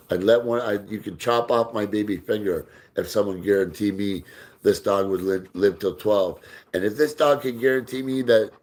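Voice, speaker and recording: A man with a somewhat low voice hosts a relaxed livestream, chatting easily with viewers and reading and answering their comments. In between, he throws a ball for his dog and slips into soft baby talk with it.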